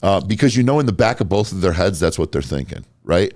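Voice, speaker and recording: Deep-voiced, blunt podcast host. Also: male voice, lively intonation, fast, hardly any pauses, darkish tone, no echo, studio quality. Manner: blunt, profane storytelling. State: stuffy nose. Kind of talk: casual podcast chat.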